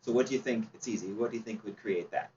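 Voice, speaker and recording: A man's voice: lowish voice, quick pace, crowd noise. Man, chatty seminar presenter quizzing the room; distant, muffled room recording. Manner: chatty, asks the audience questions, laughs easily. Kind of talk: informal slide presentation to a club audience. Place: meeting room. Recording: distant, dull, faint background noise.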